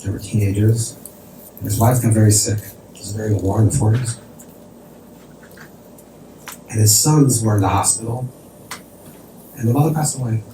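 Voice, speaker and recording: A man's voice: fairly low pitch, brisk, dark tone. A man, a rabbi, telling a story in a conversational sermon, sprinkling in Yiddish and Hebrew terms. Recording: distant mic in an echoey room with faint noise.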